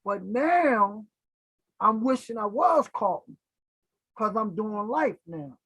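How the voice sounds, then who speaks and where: A middle-aged man from Philadelphia spins stories in a casual interview, lively and playing out every voice he quotes. His voice is husky and the room sounds dry and close, with no echo around him. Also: sits high, slow pace. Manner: animated, acts out quoted voices, keeps checking in with "right?". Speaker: interview guest. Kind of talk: casual storytelling.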